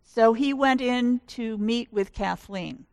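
A woman pastor giving a sermon in slow, measured storytelling. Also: fairly high pitch, a little mellow, no room sound.

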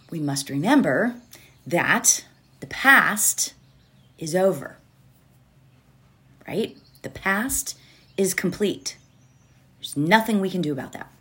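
A woman giving a gentle, reflective motivational talk from home, repeating key phrases and asking rhetorical questions. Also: lowish voice. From United States. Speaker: mindfulness speaker.

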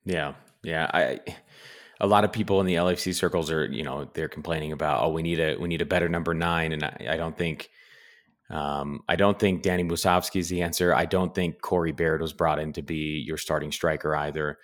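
A man with an extremely deep voice co-hosting a casual podcast. He talks in a relaxed, hesitant way, filling pauses as he looks for his point. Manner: relaxed, hesitant, many fillers. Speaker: podcast co-host.

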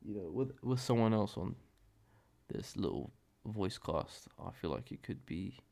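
A man's voice: on the low side, expressive, unhurried, creaky, a little mellow. A young man hosting a podcast, telling a story in a rambling, profane, self-correcting way. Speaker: podcast host. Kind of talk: casual solo podcast storytelling.

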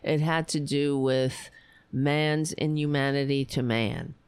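A woman hosting a political livestream, hoarse and raspy after a long show, reading headlines and commenting in a wry, meandering way. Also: extremely low pitch, steady tone, takes it slowly, darkish tone, no echo. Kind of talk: casual opinionated commentary.

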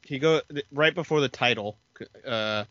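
Bright-voiced man explaining a show. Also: medium pitch, moderate pace, no room sound. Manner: explanatory, retells scenes with quoted lines. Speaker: podcast co-host. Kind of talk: casual chat recapping a TV episode. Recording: dull lo-fi dry mic.

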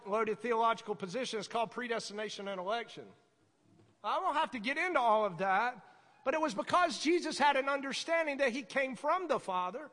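High-voiced preacher in a reverberant hall. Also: male voice. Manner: conversational, animated, acts out voices in stories. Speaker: pastor. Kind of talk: sermon.

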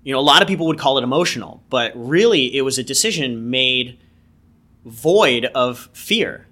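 A man's voice: mid-range voice, animated, moderate pace, sharp tone. A man guest casually telling a personal story, rambling with lots of "like" and "you know". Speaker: podcast guest.

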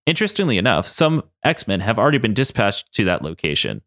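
A man voicing a calm, helpful woman tech expert in a comic story he reads aloud. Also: lowish voice, brisk, no echo, clean studio sound.

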